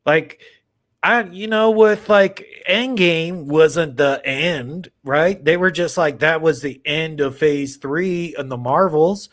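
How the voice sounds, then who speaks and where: Guy on a horror livestream, kinda high voice, rambles and gets hyped, swears a bit. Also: takes it slowly. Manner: rambling, excitable, swears casually. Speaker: horror channel livestream host. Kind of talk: casual livestream chat with viewers.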